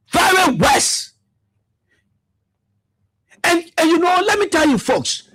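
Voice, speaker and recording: Male commentator, high husky voice, dry close sound, impassioned and repetitive. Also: no echo. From Liberia. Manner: fiery, repetitive, rhetorical questions. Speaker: political commentator.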